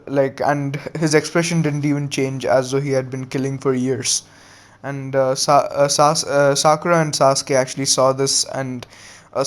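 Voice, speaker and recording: A young man retells a fan-made story in a relaxed, unhurried way, stopping often for fillers. His voice is smooth and clear, with very little rise and fall in pitch. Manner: many fillers, flat unhurried telling.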